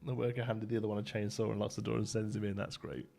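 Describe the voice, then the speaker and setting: A man's voice: on the low side, level tone, quick pace, gravelly, warm tone, soft background music. A young man chatting casually and rambling as he plays and builds on a live stream, laughing often and answering chat.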